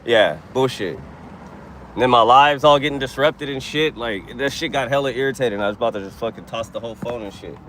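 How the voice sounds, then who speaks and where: A man's voice: mid-range voice, brisk, fairly bright tone, slight background noise. A young man streaming live while driving deliveries, ranting in a casual, heavily profane, irritated way. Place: inside a car on city streets.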